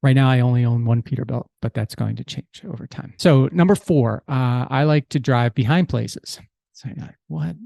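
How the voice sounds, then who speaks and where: A man's voice: mid-range voice, normal speed, creaky, dark tone, no echo. A middle-aged man hosting a podcast, telling a personal story in a casual, easygoing way with restarts and fillers. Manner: easygoing, with restarts and "you know". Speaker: podcast host.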